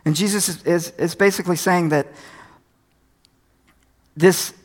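A man's voice: high voice, fairly even intonation, measured pace. An older man preaching a sermon in a folksy, conversational way, telling stories from his own life, a little tired. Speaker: pastor.

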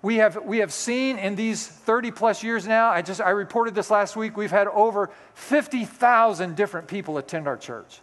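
High-voiced preacher telling a story. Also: male voice, moderate pace, hardly any pauses, fairly bright tone. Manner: folksy, self-deprecating humor. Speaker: pastor. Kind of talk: sermon storytelling. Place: church sanctuary. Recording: long hall reverb.

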